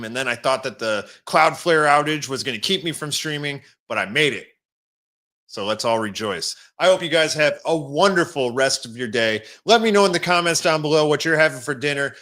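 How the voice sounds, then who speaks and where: A man's voice: fairly high pitch, animated, normal speed, pushed and bright. A man hosting a casual livestream, rambling as he clicks through an app and greets viewers in the chat. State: has the hiccups. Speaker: crypto livestream host.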